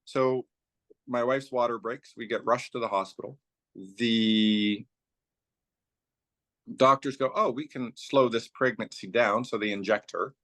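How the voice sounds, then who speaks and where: A man's voice: mid-range voice, fairly even intonation, unhurried, pauses often, a bit bright. A man who founded a company, guesting on an interview show and recounting a personal story in a loose, rambling way. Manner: loose and rambling, strings clauses with "so" and "like". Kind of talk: casual conversational storytelling.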